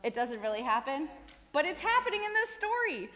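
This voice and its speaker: A woman telling a story to a group of children, animated and asking them questions along the way, in a synagogue sanctuary. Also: high voice, a little fast. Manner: animated, asks the kids questions. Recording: echoey hall.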